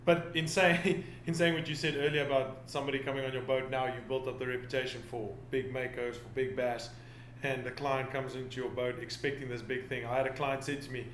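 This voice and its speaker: A male fishing guide speaks earnestly and directly during a casual podcast chat. His voice sits at a middle pitch. It echoes in a roomy space over a faint hiss. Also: flat delivery, a little fast, hardly any pauses, a bit bright.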